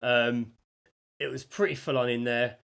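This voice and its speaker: A man's voice: mid-range voice, fairly even intonation, measured pace, vocal fry, a bit bright, smooth. A man co-hosting a podcast, telling a story in casual chat and acting out the people he quotes. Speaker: podcast co-host.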